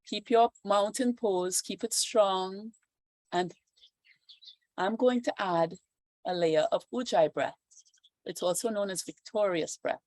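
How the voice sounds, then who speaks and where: A woman from the Caribbean leading a guided yoga and meditation class outdoors on a deck, talking slowly and calmly and repeating affirmations. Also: medium pitch, no echo. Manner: slow, calm guiding with repeated affirmations.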